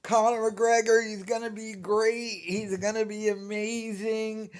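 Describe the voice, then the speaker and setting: A man doing a high sing-song impression of a smug know-it-all guy. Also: level tone, unhurried. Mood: gloating. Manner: sing-song, exaggerated mockery.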